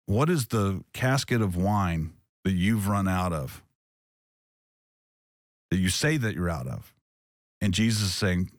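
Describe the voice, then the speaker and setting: A very deep-voiced man hosting a casual faith podcast. He talks earnestly and reflectively and often circles back to restart a thought. The sound is dry and close, with no room around it. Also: takes it slowly, no echo. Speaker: podcast host.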